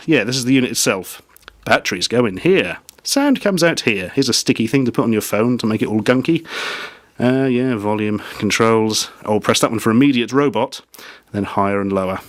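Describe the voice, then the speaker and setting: A man's voice: medium pitch, dry recording. A man casually reviewing gadgets in a vlog, making dry, self-mocking asides.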